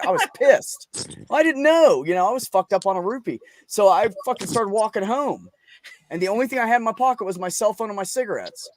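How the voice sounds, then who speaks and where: A man's voice: high voice, animated, a little fast, no room sound. Profane man telling a rambling story. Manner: profane, rambling storyteller acting out his own lines. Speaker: podcast host. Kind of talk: casual storytelling chat.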